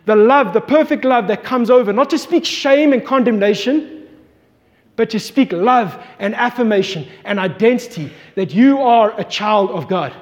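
High-voiced man preaching in a hall. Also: normal speed. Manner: storytelling, acts out voices in quotes. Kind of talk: sermon. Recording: long hall reverb.

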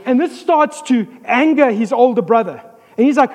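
A pastor preaches an animated sermon, slipping in jokes and calling for amens. His voice sits very high for a man. Long hall reverb carries every line. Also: normal speed. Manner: animated, joking asides, calls for amens.

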